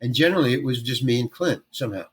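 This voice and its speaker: Animated older man telling stories. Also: mid-range voice, rapid-fire. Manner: animated storyteller who acts out other people's lines. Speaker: guest, veteran character actor. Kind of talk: storytelling interview.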